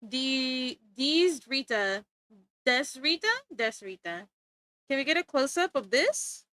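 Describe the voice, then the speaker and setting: A woman's voice: sits high, expressive, slow, pushed and bright, no room sound. A woman chatting casually to her viewers while streaming art, bubbly and laughing often. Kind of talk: casual livestream chat.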